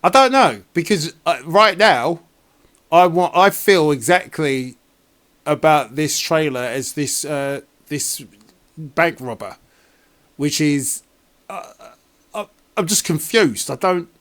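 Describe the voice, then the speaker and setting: A man's voice: fairly high pitch, slow pace. A man doing a casual trailer reaction in a rambling, sarcastic, exasperated way.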